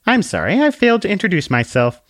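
A man's voice: high voice, wildly swooping pitch, fast talker, fairly bright tone, no echo, studio quality, pitched above the performer's own voice, full character voice. A man voicing a sassy, condescending little female book who lectures bluntly.

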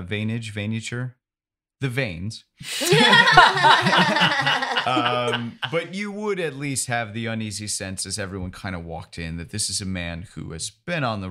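A man narrating a tabletop game as game master, describing scenes in an animated way. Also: fairly low pitch. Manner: animated, descriptive, chuckling at slips.

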